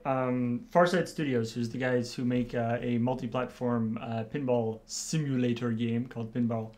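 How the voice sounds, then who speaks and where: A man's voice: mid-range voice, fairly even intonation, moderate pace, darkish tone. A man co-hosting a stream aftershow, explaining a story in casual chat with frequent "uh" fillers. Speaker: stream co-host.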